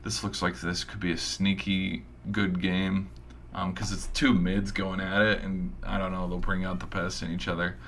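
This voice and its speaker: Low bright-voiced man hyping sports picks. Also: little pitch movement, normal speed, a little hiss or hum. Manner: rambling, hyped, casual with mild swearing. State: tired, voice giving out. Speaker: sports show host. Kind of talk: casual sports predictions.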